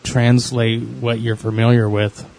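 A man's voice: medium pitch, flat delivery, measured pace, creaky, a little mellow. A man co-hosting a podcast, making dry quips and hedging with fillers in casual chat. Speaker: podcast co-host.

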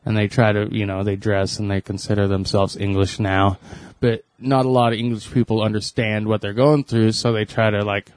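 A man in casual chat, eager and rambling, quick to agree. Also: fairly low pitch, flat delivery, a little mellow, no echo.

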